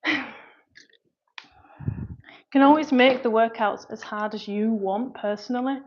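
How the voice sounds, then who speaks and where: A woman's voice: fairly high pitch, measured pace, highs cut off, slight background noise. A woman with a Mancunian-Lancashire accent, a personal trainer chatting through a live workout, out of breath and sighing between sets. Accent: Mancunian-Lancashire English. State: out of breath from exercise. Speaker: personal trainer and online fitness coach.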